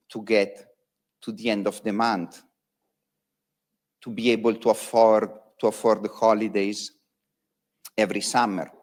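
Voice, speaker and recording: A man moderating a panel, halting and searching for words as he frames a question. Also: lowish voice.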